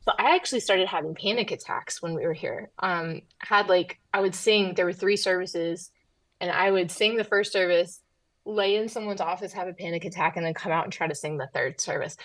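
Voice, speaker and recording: A woman's voice: fairly low pitch, no echo, low-quality recording. A woman from Tennessee, a pastor's wife and comedian, telling stories as a guest in a casual podcast interview. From Southern US, Tennessee. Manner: animated storyteller, quick asides.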